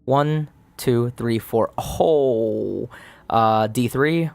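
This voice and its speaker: A man playing a solo tabletop game, muttering dice counts aloud and narrating the results in a relaxed, casual way. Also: medium pitch, extremely slow, gravelly, no echo. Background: faint background music.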